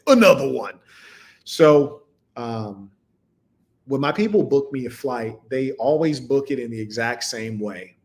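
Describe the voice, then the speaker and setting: A man talks to his live audience in a loose, casual monologue as a podcast host. He speaks at a middle pitch and tells stories in an animated way, breaking into laughing asides. His delivery keeps shifting between hushed, slow stretches and loud, quick bursts.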